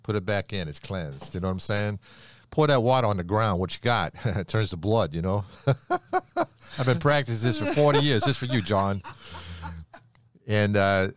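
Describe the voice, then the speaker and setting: A middle-aged man hosting a podcast, telling a Bible story in a lively way and acting out the quoted lines. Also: fairly low pitch, moderate pace, a little hiss or hum. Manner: animated storyteller who acts out the quoted lines. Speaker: podcast host. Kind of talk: casual Bible storytelling chat.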